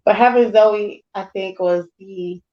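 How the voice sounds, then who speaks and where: A woman co-hosting a casual chat, telling birth stories in an animated, laughing way. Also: mid-range voice, a little slow. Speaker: podcast co-host. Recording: dull lo-fi sound.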